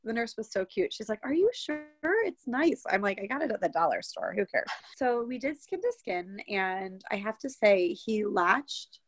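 A woman's voice: mid-range voice, normal speed, few pauses, dry recording, faint music behind. Young woman chatting, dry close sound. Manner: chatty, animated retelling with many quoted asides. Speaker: guest telling her birth story. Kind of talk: casual conversational storytelling.

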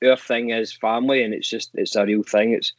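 A man, a band member guest talking in an animated, casual storytelling way, often saying "man" and restarting sentences. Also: fairly low pitch, brisk, no echo. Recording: dull, dry lo-fi audio.

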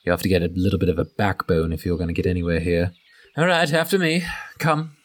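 A man's voice: deep voice, fast. A man voicing a contemptuous male tiefling cultist in a tabletop game, curt and dismissive.

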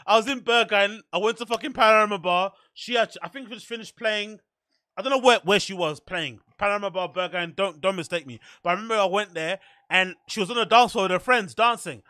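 A podcast host with a high, bright voice rambles through loose, profane stories in casual chat, doubling back through his anecdotes. He talks fairly quickly, and the sound is close and dry with no echo.

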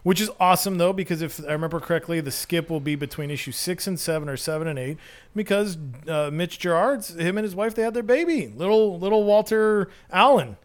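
A man's voice: high-pitched, a little fast. A man co-hosting a podcast in casual chat, talking in an enthusiastic, rambling way with many fillers. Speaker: podcast co-host.

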